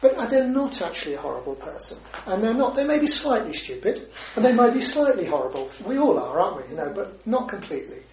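A Buddhist teacher, male, delivers a dharma talk in a high, very animated voice, moving quickly with few pauses. His style is conversational, peppered with tag questions such as "isn't it?" Captured from a distance, the audio has roomy echo, faint ambience, and slight hiss or hum.

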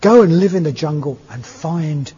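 A man's voice: a little high, lively intonation, moderate pace, dark tone, slightly rough. A man putting on a scolding old hag. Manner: scolding, blunt, demanding. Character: ugly old hag, a scolding female spirit. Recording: echoey hall, dull lo-fi sound.

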